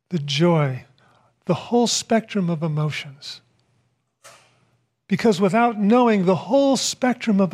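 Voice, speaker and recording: A man giving a spiritual talk, telling a personal story in a reflective, unhurried way with pauses. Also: high-pitched, darkish tone. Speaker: speaker.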